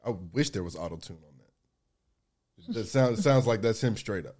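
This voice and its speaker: A man's voice: fairly low pitch, lively intonation, normal speed, a little mellow. A man co-hosting a podcast, blunt and joking in casual chat. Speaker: podcast co-host.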